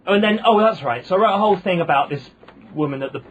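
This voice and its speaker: A man's voice: sits high, lively intonation, racing, breathy edge, poor audio. A man with a posh British accent, a comedian guest telling wry anecdotes in casual chat, full of ums and restarts. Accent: posh British English.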